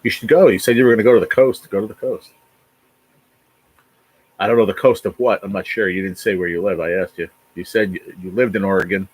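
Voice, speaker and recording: A man's voice: fairly low pitch, fairly even intonation, brisk, slightly rough, poor audio. A man in his forties from New Jersey, hosting a rambling, profane livestream chat with viewers. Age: 40s. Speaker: livestream host. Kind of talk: casual chat reading viewer comments.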